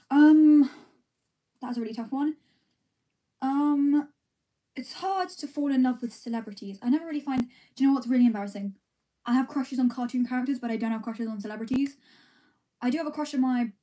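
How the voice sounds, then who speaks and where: Her voice is fairly high-pitched with a dark tone. This young streamer eats ice cream during a casual livestream, going through comments and answering with rambling, giggly self-deprecation.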